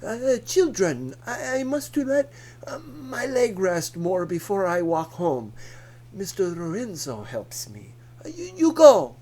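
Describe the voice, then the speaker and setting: A man's voice: big pitch swings, slow, slight background noise, exaggerated voice. A man putting on a theatrical broken-English woman. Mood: moaning. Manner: high, loud, whining, broken English.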